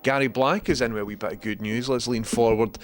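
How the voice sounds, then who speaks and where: A man's voice: medium pitch, steady tone, brisk. A Scottish man chatting casually on a livestream, rambling and speaking directly to his viewers. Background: background music.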